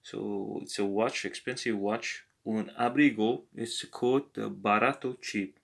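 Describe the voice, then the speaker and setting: A man tutoring a language lesson, talking slowly and hesitantly with many filler pauses. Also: on the low side, steady tone, creaky. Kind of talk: screen-recorded app language lesson.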